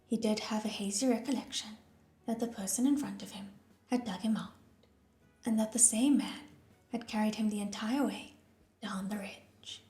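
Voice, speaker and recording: A woman narrates an audiobook in a soft, hushed voice that often drops toward a whisper. Her pitch sits in the middle of the usual range. The room lends an echo, and faint instrumental music plays underneath. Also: normal speed.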